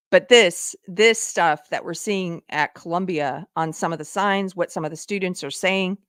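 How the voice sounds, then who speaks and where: A woman's voice: on the low side, a little slow, a bit bright, clear, resonant tone, no echo, clean studio sound. A woman hosting a live online commentary show, talking in an impassioned way that climbs into exasperated outbursts. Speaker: show host.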